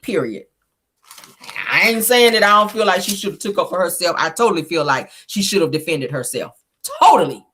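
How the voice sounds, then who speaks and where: A woman's voice: lowish voice, expressive, a little fast, fairly bright tone, slightly rough. A woman hosting a casual reality TV recap, talking chatty and emphatic, with frequent asides to her viewers.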